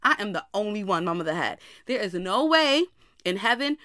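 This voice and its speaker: A woman's voice: medium pitch, big pitch swings, brisk, bright, forceful tone, no room sound, studio quality. A young woman hosting a podcast, telling a personal story in a candid way and talking straight to her listeners. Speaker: podcast host.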